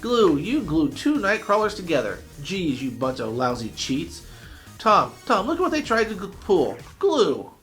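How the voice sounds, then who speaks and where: A man's voice: expressive, fairly quick, hardly any pauses, soft background music, close to an everyday voice. A man reading a storybook aloud and voicing a cocky boy who eats worms on a bet, taunting and boastful. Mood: screeching. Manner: taunting, boastful, shrill when angry.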